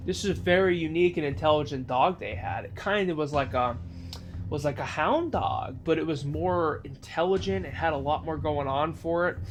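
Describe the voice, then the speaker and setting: A man narrating an improvised spoken story in a rambling way, full of "you know" asides. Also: fairly high pitch.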